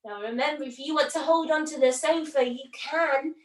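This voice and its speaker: A woman leading a children's yoga lesson by telling a story, animated and gasping with wonder. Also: sits high, moderate pace. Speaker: kids yoga teacher. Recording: roomy, from a distance.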